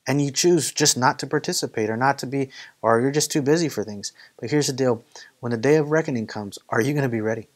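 A man's voice: medium pitch, fast. A man preaching a casual Bible study, conversational and full of stories and acted quotes. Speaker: pastor leading Bible study. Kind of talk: casual sermon.

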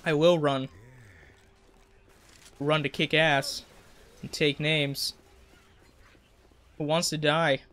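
A young man giving jokey, excitable commentary on a game while he plays, his voice cracking now and then. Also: on the high side, slow, long pauses. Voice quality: voice keeps cracking. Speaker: gaming YouTuber. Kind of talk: let's play commentary.

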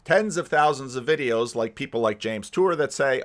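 A man giving casual spoken commentary on a debate clip, with a mid-pitched voice. He muses aloud and restarts his sentences often. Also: normal speed, hardly any pauses. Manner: musing, restarts often, animated when he mimics others. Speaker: commentary channel host.

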